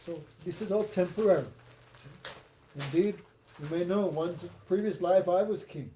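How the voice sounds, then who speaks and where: A man speaking as a serene, unshakable servant who calmly lectures a king on how temporary the world is. The voice stays close to the storyteller's own, and it is even and measured, with a fairly high male pitch. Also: a little hiss or hum, natural voice. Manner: calm, steady, instructive. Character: calm, wise male servant philosopher.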